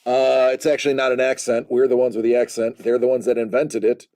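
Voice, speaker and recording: A man hosting a card-break stream, chatting casually and rambling with jokes and filler pauses. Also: mid-range voice, flat delivery, dark tone. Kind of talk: casual livestream chat.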